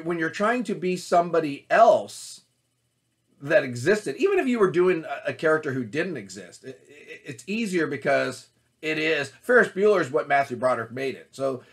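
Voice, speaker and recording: A man's voice: on the high side, a bit bright. A man coaching actors in a solo talk to camera, earnest and repetitive, often restarting his phrases. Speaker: acting coach.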